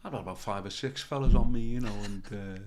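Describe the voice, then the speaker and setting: A man's voice: lowish voice, quick pace, darkish tone. A male comedian telling rambling anecdotes as a podcast guest, swearing freely. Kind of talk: storytelling in a podcast interview.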